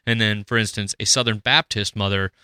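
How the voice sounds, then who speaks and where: A man's voice: on the low side, fairly even intonation, brisk, pushed and bright, clean tone, no room sound, studio quality. A man from Minnesota hosting a podcast in casual, rambling chat. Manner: rambling, restarts, acts out quoted voices. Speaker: podcast host.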